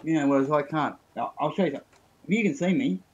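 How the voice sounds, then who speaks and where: A fairly high-pitched man tells rambling jokes in casual chat. He comes through a video call, and the sound is muffled and dull. He laughs easily between his lines. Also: fast talker. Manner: joking, rambling storyteller. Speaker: guest.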